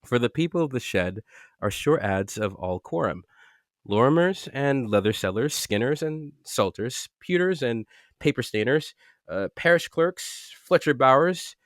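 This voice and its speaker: A man's voice: a little high, expressive, measured pace, a bit bright, no room sound, clean studio sound. A man cold-reading a dense literary text aloud for a podcast, stumbling over words and chuckling at it.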